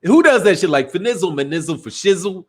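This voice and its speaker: A middle-aged man from Chicago runs a boxing live stream with a high-pitched voice. He talks loose and slangy and laughs often. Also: very animated, fast. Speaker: boxing channel host. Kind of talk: casual live stream chat.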